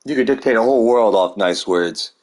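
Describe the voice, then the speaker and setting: A man's voice: lowish voice, a little fast, darkish tone. A man delivering a rambling, heated monologue full of swearing. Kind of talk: ranting monologue.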